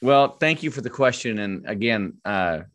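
A man's voice: medium pitch, animated, moderate pace, fairly bright tone, no echo. A man from Texas, a business coach and author chatting as a podcast guest, effusive and full of fillers. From Texas, USA. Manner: effusive, chuckling, many fillers. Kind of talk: casual interview chat.

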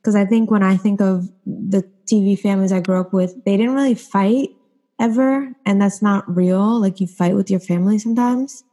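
A woman hosting a casual discussion, posing questions and sharing measured thoughts. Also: medium pitch, warm tone. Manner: leads with questions, measured and reflective. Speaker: discussion host.

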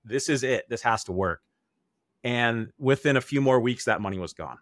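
A man in his thirties tells his own story as an interview guest, candid and earnest. His voice sits at an ordinary middle pitch, and he acts out the things he once said. The recording is close and dry. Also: normal speed, fairly bright tone, dry recording. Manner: earnest, acts out remembered quotes.

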